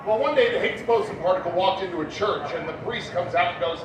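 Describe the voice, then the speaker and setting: A man with a high voice tells a joke on an outdoor stage and builds up the setup carefully. He is recorded from afar, with a lot of echo and noise. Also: fast, few pauses. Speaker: comedian. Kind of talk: stand-up joke telling to a live audience. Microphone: distant camera mic. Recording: distant, echoey, noisy outdoor recording.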